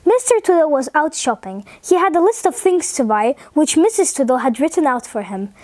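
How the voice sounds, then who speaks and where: A woman reading a funny children's story aloud, cheerful and expressive. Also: high voice, no echo. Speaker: storybook reader.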